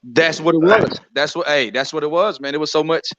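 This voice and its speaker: A fairly high-voiced man talks boxing on a live stream, excitable and given to repeating himself. His voice comes through dry and a little dull, like a low-fi stream. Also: brisk, no room sound. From Texas. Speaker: boxing show host.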